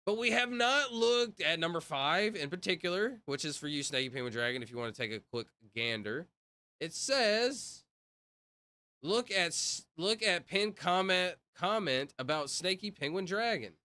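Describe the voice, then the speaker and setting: A man's voice: sits high, lively intonation, moderate pace, pushed and bright, no room sound. A young man livestreaming, chatting casually with viewers in a rambling way full of fillers. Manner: rambling, talks to chat, many fillers.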